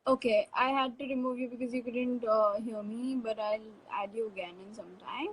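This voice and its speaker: A woman's voice: on the high side, fairly even intonation, normal speed, a little hiss or hum, rough recording. A woman hosting a casual live stream, chatty and upbeat, reading fan comments aloud into a phone.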